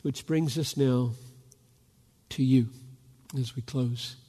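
A pastor preaching a fervent sermon, rising to loud calls as he urges his listeners. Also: mid-range voice, steady tone, takes it slowly, slightly rough. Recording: long reverb of a large hall.

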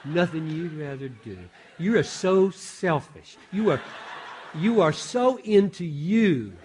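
Man putting on a high, excited wife voice, raised and bright. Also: takes it slowly, a little hiss or hum. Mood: mock scolding. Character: preacher's wife, surprised and delighted.

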